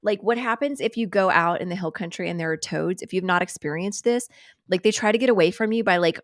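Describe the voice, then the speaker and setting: A woman's voice: on the low side, fast, no echo, studio quality. A woman hosting a live stream, chatting casually, giggling and swearing freely as she reacts to clips. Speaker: host.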